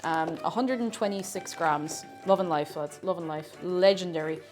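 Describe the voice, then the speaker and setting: A woman live-streaming while she bakes, chatting casually. She bursts into excited squeals and shouts, then drops to soft mumbles and laughs. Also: fairly low pitch, normal speed, faint music behind.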